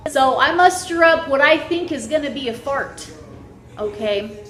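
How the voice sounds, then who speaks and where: A young woman vlogger tells her audience a crude storytime, laughing as she goes and keeping things casual. Her high, sing-song voice moves at normal speed with a fairly bright tone, recorded in an echoey room with faint music.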